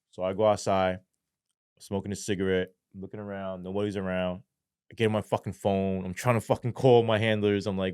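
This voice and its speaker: Middle-aged new guy telling a story, swears a lot, acts out every line, lowish voice, dead dry sound. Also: brisk, smooth, dry recording. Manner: profane, animated, acts out quoted dialogue. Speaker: podcast guest, former police sergeant. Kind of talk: casual storytelling in an interview.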